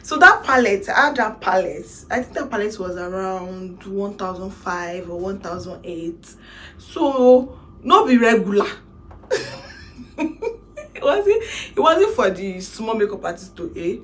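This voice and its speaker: A woman in her twenties with a Nigerian accent, telling her own story in a casual vlog, animated and slipping into Pidgin phrases. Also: medium pitch, unhurried. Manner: animated, mixes in Pidgin, laughs to hold back tears. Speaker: makeup artist vlogger.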